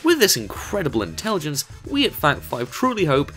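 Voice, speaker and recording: An upbeat man reads a fact-video script as a studio voice-over. His voice sits a little high and swoops up and down a great deal, and he tosses in playful asides. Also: wildly swooping pitch, brisk, a bit bright, soft background music. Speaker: narrator of a fact video channel. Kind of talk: scripted narration.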